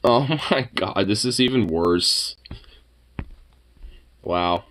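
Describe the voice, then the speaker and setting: A man's voice: low-pitched, slow, long pauses, a bit bright. A man chatting casually, swearing freely and cooing at his pet in baby talk. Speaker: streamer. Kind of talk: casual chat while reading online posts and talking to a pet.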